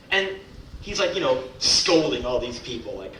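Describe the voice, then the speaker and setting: A young man tells profane comic stories on a club stage, with a bright, forceful voice that swings into shouted rants. His voice rings through a roomy club and reaches the microphone from some distance, with a faint murmur of the room behind him. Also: mid-range voice, very animated, moderate pace, slight background noise. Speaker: spoken word performer. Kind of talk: live spoken word storytelling. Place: club stage before a live audience.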